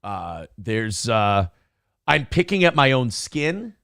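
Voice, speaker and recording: Brash, gravelly-voiced male show host. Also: mid-range voice, sing-song, slow pace, fairly bright tone, dry recording, clean studio sound. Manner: brash, profane, boastful storytelling. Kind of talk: casual talk show rant.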